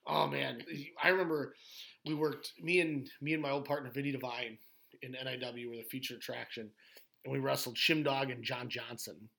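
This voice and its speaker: A man's voice: mid-range voice, steady tone, normal speed, gravelly, pushed and bright. A man, a former pro wrestler, rambling through stories in casual podcast chat with lots of fillers and laughter.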